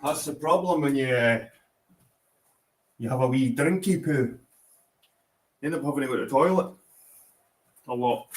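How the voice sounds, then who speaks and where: Long pauses mark the speech of this Scottish livestream host, whose voice sits at medium pitch and moves at normal speed. He rants bluntly to viewers in casual chat, swearing heavily.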